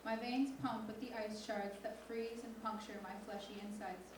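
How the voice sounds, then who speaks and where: A teenage girl reading her own spoken word poem slowly and intensely as a student poet on stage. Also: mid-range voice, steady tone, background noise. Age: teens. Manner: slow, deliberate, intense recitation. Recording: echoey hall from far off.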